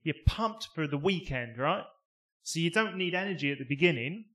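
A man with a bright, fairly high voice, talking in casual podcast chat. He is animated and playful and breaks into snatches of song and beeping sound effects. His voice has a forceful edge. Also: normal speed. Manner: animated, bursts into sung lines and sound effects. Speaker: podcast co-host.

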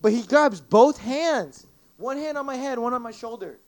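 A man's voice: extremely high pitch, normal speed, no echo. A young man, a podcast guest, telling a long story in casual chat, swearing constantly and acting out what people said. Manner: profane, rambling, animated retelling with acted-out quotes.

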